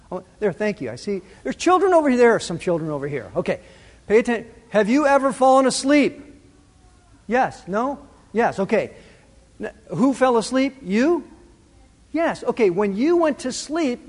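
High-voiced man preaching in a reverberant hall. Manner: animated preaching, addresses children in congregation. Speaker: pastor. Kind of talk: sermon. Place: church sanctuary. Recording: long reverb of a large hall.

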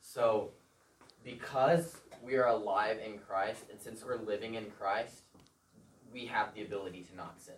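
A man in a class reading scripture aloud and then explaining it haltingly, with many fillers. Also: fairly low pitch. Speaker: class participant. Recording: roomy, distant mic, faint noise.

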